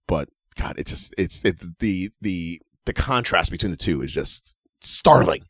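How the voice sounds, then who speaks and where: Lowish-voiced guy ranting on a wrestling podcast, swears a lot, swings up and down in pitch, dry close mic. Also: a little slow, no echo. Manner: animated, swearing, laughing ranter. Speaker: podcast co-host. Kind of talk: casual chat.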